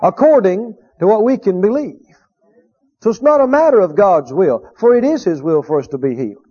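High-voiced preacher with a husky tone. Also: male voice, expressive, dark tone. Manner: emphatic, repeats key phrases, drawn-out quotes of scripture. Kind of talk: sermon. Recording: dull lo-fi recording.

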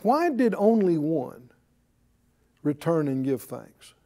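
Animated preacher with a high, lively voice. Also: male voice, takes it slowly. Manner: animated, calls out to the congregation and acts out shouts of praise. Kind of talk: sermon.

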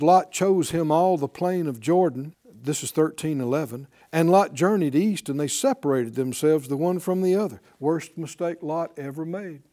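A middle-aged pastor preaches to his congregation, stretching out emphatic phrases and calling for responses. His voice sits high with a dark tone.

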